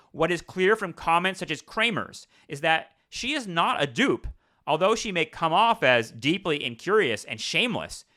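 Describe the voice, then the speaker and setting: A man's voice: a little high, pushed and bright. A man hosting a podcast, reading news aloud and breaking off into sarcastic, profane asides. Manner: sarcastic, profane asides between read passages. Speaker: podcast host.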